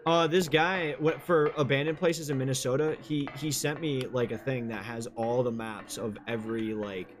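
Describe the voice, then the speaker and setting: A young man streaming a horror game, chatting casually in a rambling, halting way with frequent restarts. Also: mid-range voice, fairly even intonation. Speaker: gaming streamer. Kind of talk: casual gameplay chat. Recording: noisy stream audio.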